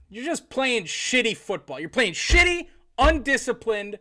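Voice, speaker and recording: A man with a high, bright, sharp voice calls a football game live on stream. He moves between quick play-by-play and exasperated, sarcastic rants at his own team's blunders. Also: big pitch swings. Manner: exasperated ranting with bursts of sarcasm. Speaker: sports streamer.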